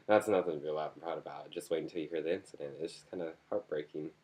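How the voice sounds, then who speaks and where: A man with a low, deep voice chats straight into his camera at home-video ease. He rambles from one topic to the next, joking and poking fun at himself as he goes. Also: fairly even intonation, fast, mellow. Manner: rambling, joking and self-mocking. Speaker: vlogger. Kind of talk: casual chat to camera.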